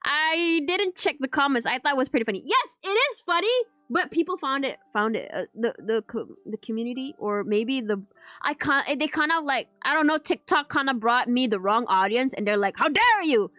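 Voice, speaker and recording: A woman's voice: sits high, animated, brisk, sharp tone, no room sound. A woman, chatting casually as a VTuber answering viewer questions, giggling often and rambling with restarts and Malay words mixed in. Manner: giggly, laughs often between sentences. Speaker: VTuber streamer. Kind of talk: casual Q&A chat.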